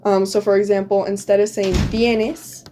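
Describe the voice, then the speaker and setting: Talking at normal speed in a level, mid-range voice, this teenage guest describes her exchange year in a casual interview. She's chatty, laughs a lot, and scatters "um" and "like" throughout, against a noisy background.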